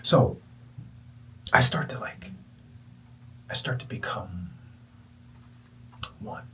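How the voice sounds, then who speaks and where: A man hosting a spiritual podcast, telling a story in an animated, preacher-like manner. His voice rises and falls widely, from excited exclamations down to hushed near-whispers. He sits a bit back from the microphone. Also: deep voice, very slow, recorded from a distance, a little hiss or hum, rough recording. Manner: animated, preacher-like, shifting between loud and whispered. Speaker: podcast host. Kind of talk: motivational storytelling.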